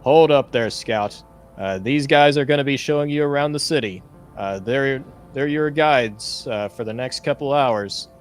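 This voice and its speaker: A man's voice: mid-range voice, normal speed, faint music behind, pitched above the performer's own voice, close to an everyday voice. Trevor, a man playing a courteous robot handler. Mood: reassuring. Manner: courteous, explanatory, hesitant with fillers. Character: polite male handler of a robot, helpful and businesslike.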